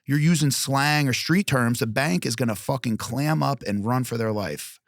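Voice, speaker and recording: A man talks bluntly on a podcast, swearing freely as he tells stories. His pitch sits in a middle range. The sound is dry and close. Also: normal speed, vocal fry, no echo. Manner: blunt, profane, animated storytelling. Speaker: guest, restaurant founder. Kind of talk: casual podcast interview.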